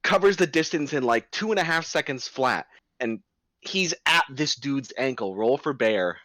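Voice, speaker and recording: Lively, animated male game master. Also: mid-range voice, moderate pace, dry recording. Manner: animated, vivid storytelling with hesitant restarts. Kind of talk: narrating a tabletop game.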